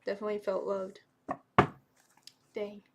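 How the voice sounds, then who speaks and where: A woman in her thirties lays out tarot cards on a live stream, speaking slowly in a gravelly, fry-tinged voice. She chats to the cards and to spirits and gets emotional as she goes. Clear background noise and card shuffling run under her voice. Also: medium pitch, monotone, muffled recording. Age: 30s. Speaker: tarot reader.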